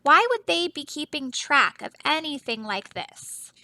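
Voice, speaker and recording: A woman teacher reading a children's picture book aloud in a soft, expressive storytelling voice, often stopping to ask her young listeners questions. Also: sits high, a little slow, no room sound, poor audio.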